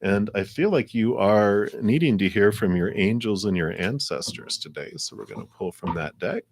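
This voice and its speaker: A man hosting a live card reading stream, reading messages in a gentle, slow, reflective way. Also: lowish voice, lively intonation. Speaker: card reader.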